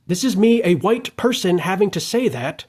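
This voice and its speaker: Husky man ranting with heated profanity. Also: high voice, animated, normal speed. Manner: heated, profane and emphatic, swinging into shouted outbursts. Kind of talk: unscripted monologue rant.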